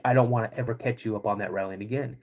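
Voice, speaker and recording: A man's voice: fairly low pitch, steady tone, rapid-fire, darkish tone, pitched below the performer's own voice. A man voicing his stern father, who scolds and gives him short commands. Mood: angry.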